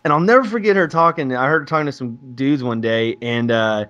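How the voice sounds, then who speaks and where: A man's voice: medium pitch, fairly quick, fairly bright tone, muffled recording. A young man in casual chat telling crude stories, joking and swearing freely. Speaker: podcast co-host.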